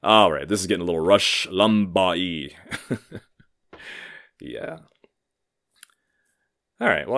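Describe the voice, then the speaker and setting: Thirties male podcast host, low and lively, profane and rambling, self-deprecating humor. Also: slow, vocal fry, pauses often. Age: 30s. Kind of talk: casual solo podcast monologue.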